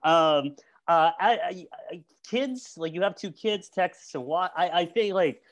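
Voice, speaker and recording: Man roasting an argument, slightly high. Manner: teasing, mock-insulting, halting. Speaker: guest director. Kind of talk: casual debate chat. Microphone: home mic on a video call.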